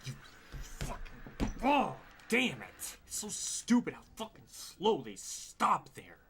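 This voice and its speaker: A man's voice: high-pitched, huge pitch swings, takes it slowly, a crowd in the background. A man streaming a racing game live, commenting in an exasperated way, swearing often and laughing at himself. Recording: clear background noise.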